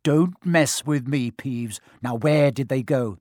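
A man's voice: medium pitch, slow, darkish tone, no echo, clean studio sound, close to an everyday voice. A man voicing a bad-tempered old male caretaker, urgent and demanding.

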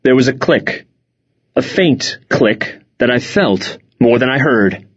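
A man narrating a first-person story for an audiobook in a measured, tense manner. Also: mid-range voice, lively intonation, husky, muffled recording.

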